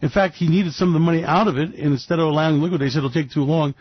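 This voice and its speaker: Older male radio host, blunt and halting, a touch high-pitched, dry and muffled sound. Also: dry recording. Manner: blunt, hesitant with many fillers, storytelling. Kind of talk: rambling radio monologue.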